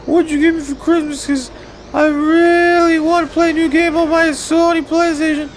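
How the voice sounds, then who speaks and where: A man putting on a squeaky whiny little boy. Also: level tone, moderate pace, a little hiss or hum, poor audio. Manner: high squeaky whine, cursing. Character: whiny young boy complaining to his mom.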